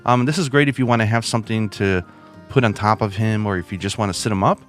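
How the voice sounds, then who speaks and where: A man's voice: on the low side, fast talker, faint music behind. A man hosting a video and reviewing plush toys in a chatty, casual way, with lots of asides. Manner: chatty, with many fillers and asides.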